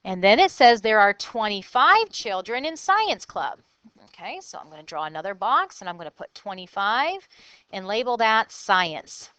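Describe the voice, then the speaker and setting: A woman's voice: medium pitch, big pitch swings, moderate pace, pushed and bright, clean tone, no room sound, rough recording. A woman teacher recording a math lesson for children, thinking aloud step by step in an upbeat way.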